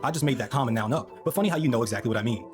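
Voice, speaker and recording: A man giving scripted narration for a history video, with quick, wry asides to the viewer. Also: mid-range voice. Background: background music.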